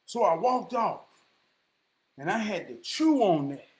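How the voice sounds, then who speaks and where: A middle-aged man with a high-pitched voice tells a story straight to camera in a loose, casual monologue. He swings between loud, emphatic declarations and quiet, thoughtful asides. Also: big pitch swings, a little slow. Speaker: vlogger.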